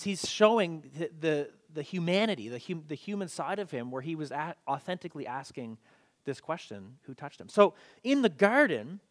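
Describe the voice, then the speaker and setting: A man preaching a sermon in a conversational, animated storytelling way, often repeating himself as he goes. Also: on the high side. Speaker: pastor.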